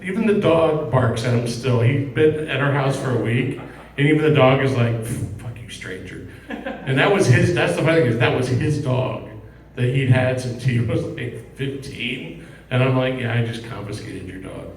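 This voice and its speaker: A man's voice: medium pitch, moderate pace, slight background noise. A middle-aged man hosting a comedy night, telling rambling stories and introducing the next comic. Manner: rambling, laughing between stories. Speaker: comedy show host. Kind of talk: casual banter introducing comics. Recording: echoey room from a distance.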